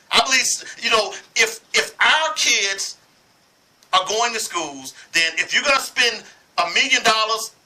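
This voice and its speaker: A man's voice: high voice, bright, forceful tone, poor audio. A man from Arkansas giving impassioned sports commentary, heated and preachy, hammering points with repetition.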